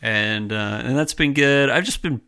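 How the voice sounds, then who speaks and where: A young man co-hosting a podcast, chatting in a relaxed, rambling way with lots of fillers. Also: medium pitch, a little slow, smooth. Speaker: podcast co-host. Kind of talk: casual chat.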